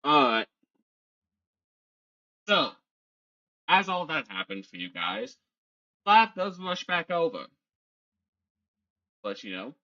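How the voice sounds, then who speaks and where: A man runs a tabletop game with a slow, rambling narration. His voice is bright and forceful. The recording is dull and lo-fi. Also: on the high side, sing-song. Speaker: game master.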